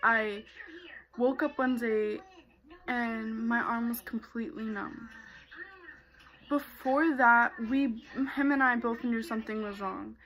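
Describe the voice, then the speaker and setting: A woman's voice: on the high side, fairly even intonation, slow, a bit bright, a little hiss or hum, low-quality recording. A young woman vlogger telling a personal story in a casual way, full of fillers. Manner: casual, many fillers like "like" and "you know".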